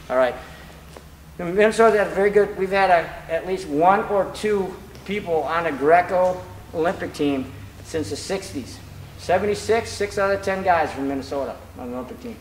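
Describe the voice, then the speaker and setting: A man coaching grappling technique on the mat, telling stories as he demonstrates moves. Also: a little high. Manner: animated, storytelling, demonstrates moves. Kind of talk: mat-side technique instruction. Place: training gym. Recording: echoey gym, background noise.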